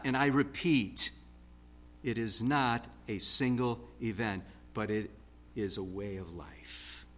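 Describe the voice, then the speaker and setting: A man preaching a sermon in a rhythmic, emphatic way, swinging from loud stress to hushed tones. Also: medium pitch.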